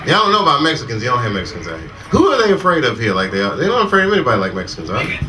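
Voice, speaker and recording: A man's voice: medium pitch, wildly swooping pitch, rapid-fire, slight background noise. An American man doing stand-up comedy in a basement club, profane, teasing the crowd and laughing often. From United States. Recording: distant live mic with a loud crowd.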